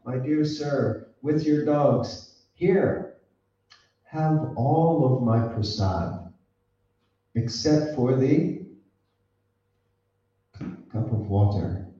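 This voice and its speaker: A gentle devout king offers everything he has, speaking slowly and tenderly, as a man acts him out. His tone is mellow and warm-toned. The sound is dull and roomy, picked up from far away. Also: medium pitch. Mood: generous. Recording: dull echoey room, distant mic.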